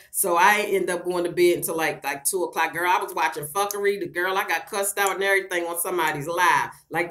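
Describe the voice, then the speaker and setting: With a lowish, fairly bright voice, a middle-aged woman talks straight to camera, addressing her viewers as "girl." Her vlog is a casual, frank chat. It's full of laughter and heavy swearing.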